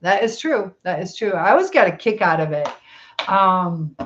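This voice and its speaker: A woman's voice: on the low side, lively intonation, moderate pace, a bit bright, lo-fi sound. A middle-aged woman hosting a casual live stream, chatting, laughing often and reading viewer comments aloud.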